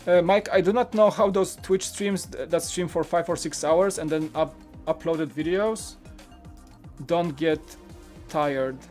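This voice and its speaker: On a Lego channel live stream, the male host talks in an unhurried, somewhat high and slightly mellow voice while faint music plays in the background. He answers viewers' questions casually and candidly, drifting as he goes.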